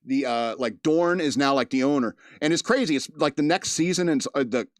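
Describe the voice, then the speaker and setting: A man's voice: medium pitch, a little fast, no room sound, studio quality. A man giving a casual, rambling movie review. He laughs often and acts out the characters' lines.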